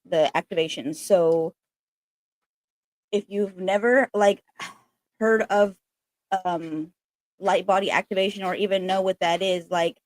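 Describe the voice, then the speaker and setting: A woman's voice: mid-range voice, darkish tone, dry recording. A woman hosting a casual spiritual livestream, chatting in a rambling way full of fillers, recorded on a laptop.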